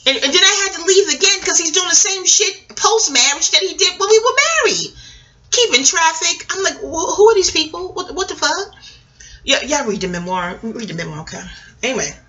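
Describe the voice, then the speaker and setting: A woman's voice: on the high side, highs cut off. A middle-aged woman from New York telling a rambling, profane story to her viewers in a casual monologue. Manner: animated, profane, digressive, addresses viewers as y'all. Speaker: vlogger.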